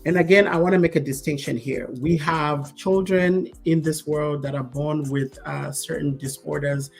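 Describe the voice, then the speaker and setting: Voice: medium pitch, fairly even intonation, normal speed, gravelly, faint music behind. A talk show host who keeps the chat moving and fills in with short responses. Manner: steers the talk, backchannels often. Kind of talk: casual chat.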